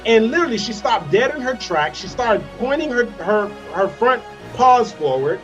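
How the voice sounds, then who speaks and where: A man giving a motivational speech, telling a story with repeated phrases and dramatic slowdowns. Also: very high voice, sing-song, fairly bright tone, lo-fi sound, soft background music. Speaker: motivational speaker.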